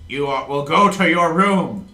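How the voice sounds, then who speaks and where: A man's voice: a little high, lively intonation, measured pace, bright, forceful tone, roomy sound, faint music behind, pitched above the performer's own voice. A man voicing an impatient, commanding alien warlord emperor in a tabletop game.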